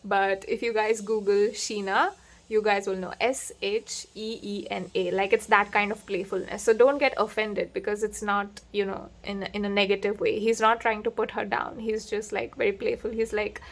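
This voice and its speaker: A woman's voice: mid-range voice, fairly even intonation, normal speed, creaky. A woman giving a casual tarot reading to camera, chatty and playful, laughing often and acting out little quotes. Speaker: tarot reader.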